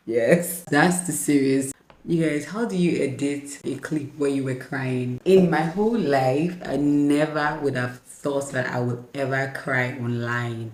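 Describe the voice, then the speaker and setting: A young Nigerian woman with a Nigerian accent, chatting excitedly in a casual vlog to a phone camera, with pidgin-tinged phrasing. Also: rumbling low, measured pace. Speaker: vlogger and author. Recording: echoey room with faint background ambience.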